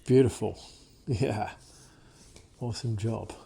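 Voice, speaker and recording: Dog trainer, male, lowish gravelly voice, soft coaxing delivery, indoor camera audio. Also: takes it slowly, slight background noise. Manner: calm, soft-spoken, gently coaxing the dog. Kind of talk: casual running commentary during a dog session. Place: indoors, in a room with the dogs.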